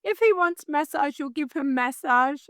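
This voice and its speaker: A man's voice: very high voice, lively intonation, moderate pace, sharp tone, no room sound, clean studio sound, voice pushed up, exaggerated voice. A woman imitating her male employer as a formal man who gives orders. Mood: commanding.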